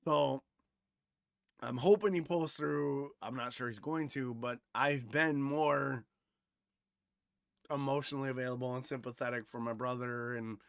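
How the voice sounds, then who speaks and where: A man co-hosting a podcast, talking bluntly and with lots of swearing, going from loud rants to quiet reflection. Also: medium pitch, steady tone, a little slow, creaky, pauses often, no echo, studio quality. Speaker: podcast co-host. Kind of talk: casual chat.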